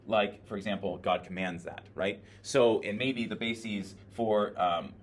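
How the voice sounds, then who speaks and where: Male teacher, lower voice, classroom lecture, thinks aloud with fillers; camera-recorded, faint background hiss. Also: measured pace. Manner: explains by thinking aloud, many filler words. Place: classroom with a screen. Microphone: video camera in the classroom.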